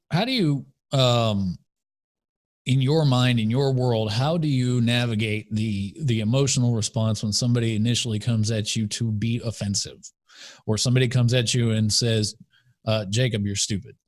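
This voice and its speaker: A man's voice: mid-range voice, normal speed. A man co-hosting a podcast in casual chat, arguing his views in an opinionated way. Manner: opinionated, argumentative. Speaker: podcast co-host. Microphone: studio mic.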